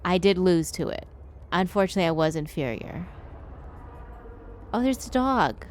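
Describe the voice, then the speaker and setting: A woman's voice: lowish voice, lively intonation, normal speed, a little hiss or hum. A woman streaming herself playing a video game, chatting playfully with her viewers and talking back at the game. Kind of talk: casual gameplay streaming.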